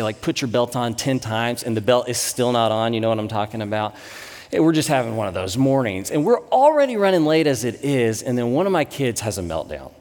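A man in his thirties, a pastor, giving a sermon with conversational, animated storytelling. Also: mid-range voice. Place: church sanctuary. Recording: long reverb in a church hall.

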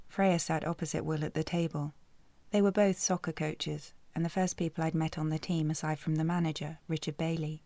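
A woman's voice: deep voice, flat delivery, fairly quick, dark tone, dry recording. A British woman narrating a first-person romance audiobook in a dry, sardonic way, close to the mic.

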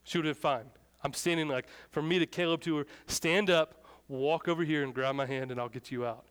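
A man's voice: fairly high pitch, fairly even intonation, fairly quick, clean tone. Casual storytelling preacher, a man. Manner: casual, storytelling, acts out shouted dialogue. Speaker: pastor. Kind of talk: sermon.

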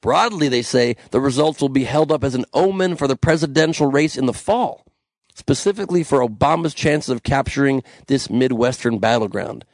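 A man's voice: mid-range voice, normal speed, darkish tone, no echo. A young man hosting a podcast, reading the news with sarcastic, ranting commentary and frequent swearing, recorded alone in a small room. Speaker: podcast host.

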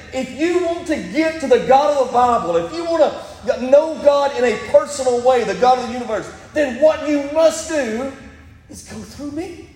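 High-voiced preacher in an echoey hall. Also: male voice, darkish tone. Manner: preaching with rising emphasis, quoting scripture. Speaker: pastor. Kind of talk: sermon. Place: church sanctuary.

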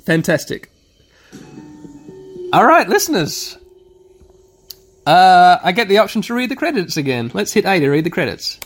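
A man's voice: high-pitched, big pitch swings, moderate pace, pauses often, faint music behind. A man playing a text adventure aloud, reading it out and adding casual, wry asides. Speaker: game player and host.

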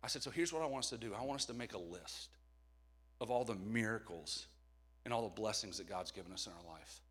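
A man in his thirties preaching a sermon, telling personal stories with sudden loud emphasis and quiet asides. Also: lowish voice, lively intonation, a little fast, husky. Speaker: pastor.

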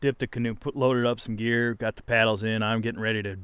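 A man's voice: lowish voice, steady tone, quick pace, fairly bright tone, clear, resonant tone, no room sound. A man co-hosting a trip podcast outdoors by a river, talking in a laid-back way with dry, wry humor. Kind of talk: casual chat on a canoe trip.

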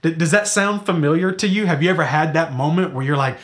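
A man in his thirties preaching a sermon in a conversational way, asking the audience questions and slowing down to stress key phrases. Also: a bit bright. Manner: conversational, rhetorical questions, drops to a low slow emphasis on key phrases. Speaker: pastor.

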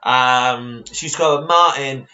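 Bright-voiced young man, lo-fi. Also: mid-range voice, slow. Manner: rambling, laughing, trails off often. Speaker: podcast co-host. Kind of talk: casual chat. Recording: dull lo-fi audio.

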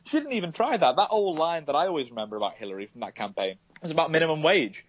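A man's voice: on the high side, very animated, quick pace, dry recording, lo-fi sound. A man co-hosting a podcast, ranting about politics in heated, sweary casual chat. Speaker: podcast co-host.

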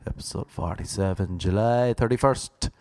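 A young man hosting his own podcast, telling rambling comic stories with deadpan asides. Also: fairly low pitch, normal speed, no echo. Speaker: podcast host. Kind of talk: casual comedic monologue.

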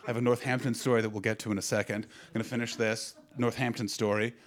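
A man's voice: mid-range voice, little pitch movement. A man in his thirties from Canada, hosting a live improvised comedy podcast and doing crowd work in a small room, riffing brashly with lots of swearing. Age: 30s. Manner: brash, profane, rapid riffing that bursts into shouting.

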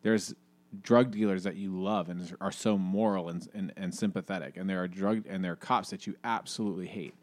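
A man co-hosting a casual talk show, rambling and animated, full of fillers and restarts. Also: low voice, fairly quick, no echo. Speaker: podcast co-host. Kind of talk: casual conversation, reading aloud from a book.

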